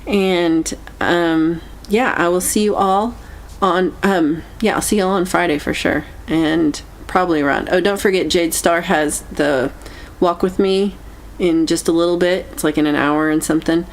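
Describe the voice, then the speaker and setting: A woman hosting a casual livestream chat, meandering and halting as she reacts to viewer comments. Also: fairly low pitch, steady tone. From United States. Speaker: livestream host.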